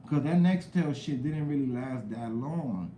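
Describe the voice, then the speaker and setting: A young man hosting a live stream, chatting loosely with viewers in slang, shouting out names from the chat. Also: medium pitch, measured pace, roomy sound, a little hiss or hum, low-quality recording. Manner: loose, rambling talk with slang and cursing, greets chat viewers loudly.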